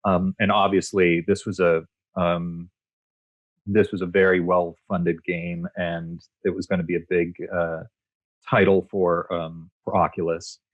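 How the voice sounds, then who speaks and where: Male guest, low voice, dry close sound, laid-back anecdotal delivery. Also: measured pace, dry recording, narrow, tinny audio. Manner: relaxed storyteller, many fillers and restarts. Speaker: guest, voice actor and screenwriter. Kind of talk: casual interview chat.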